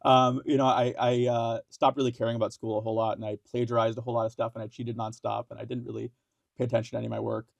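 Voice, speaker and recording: A young man from India, a podcast guest telling his story in halting casual talk, full of fillers, restarts and swearing. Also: medium pitch, little pitch movement, gravelly, dry recording, highs cut off.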